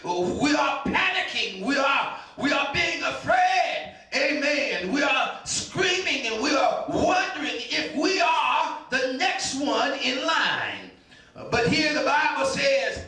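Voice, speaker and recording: Male pastor, fervent sermon delivery, slow and bright; recorded far off in a very reverberant sanctuary. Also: very high voice, very animated. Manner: fervent preaching, shouting and half-singing, repeated stammered starts. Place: church sanctuary. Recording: very echoey room, mic at a distance.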